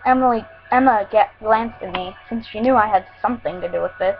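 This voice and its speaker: A woman's voice: medium pitch, a little fast, few pauses, muffled recording, faint music behind. A woman casually reading her first-person fan story aloud at home, with small slips along the way. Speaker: fan fiction reader.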